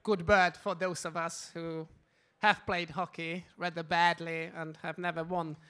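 A man's voice: a little high, flat delivery, measured pace, a crowd in the background. A man with a non-native English accent hosting a live panel in an event hall, wry and self-deprecating. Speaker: host.

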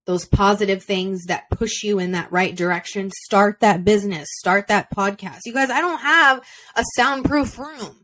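Woman podcast host, mid-pitched, fired-up and profane, solo motivational talk recorded at home on a simple setup. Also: moderate pace, a bit bright. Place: home without a soundproof room.

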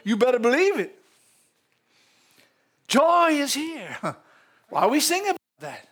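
A man preaching a sermon in a folksy, animated way, laughing often between lines. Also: very high-pitched, moderate pace, long pauses.

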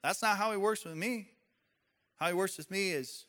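A man preaching a sermon, an animated storyteller who speaks straight to his congregation. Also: high voice, normal speed, pauses often. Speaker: pastor.

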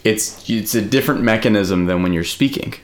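Low-voiced casual American podcast man. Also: brisk. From United States. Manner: rambling, lots of "like", swears casually. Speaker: podcast co-host. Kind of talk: casual chat.

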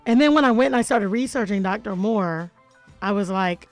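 A woman's voice: mid-range voice, expressive, fairly quick, soft background music, rough recording. A woman hosting a radio show in a studio, chatting casually and playfully, joking and laughing often.

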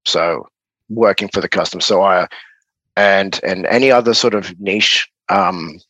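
Australian male guest, laid-back explainer, lowish voice, dry sound. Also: a little slow, no room sound, dull audio. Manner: relaxed, explanatory, with many fillers. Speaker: guest, broadcast technology architect. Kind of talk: casual interview chat.

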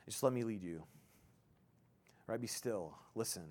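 A man's voice: lowish voice, moderate pace, a little mellow. A pastor in his thirties delivers a sermon in a loose, conversational way. He stumbles and restarts often, leaning on fillers as he works through his thoughts aloud. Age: 30s.

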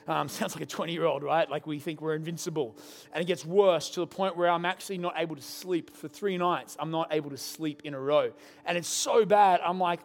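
A man's voice: high-pitched, fairly quick. A young adult man, a pastor preaching a sermon and telling a story with humorous asides.

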